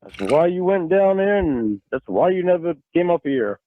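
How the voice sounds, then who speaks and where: A man's voice: high voice, animated, normal speed, dry recording. A man arguing angrily and swearing on a recorded phone call. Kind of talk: heated phone argument. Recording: tinny phone-line recording.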